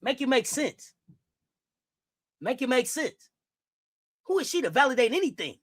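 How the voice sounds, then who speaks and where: Brief: profane sports commentator, fiery, lively pitch, dry room. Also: normal speed, long pauses, husky, dry recording. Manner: fiery, profane, swings from quiet to shouting. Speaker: sports talk host. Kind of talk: heated casual commentary.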